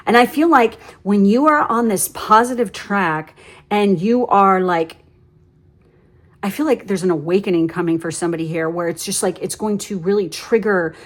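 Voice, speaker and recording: A woman's voice: medium pitch, moderate pace. Woman tarot reader, casual and blunt, ranty storyteller, swears a lot. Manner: blunt, ranting, swears freely; animated storyteller with many fillers. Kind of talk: casual tarot reading monologue.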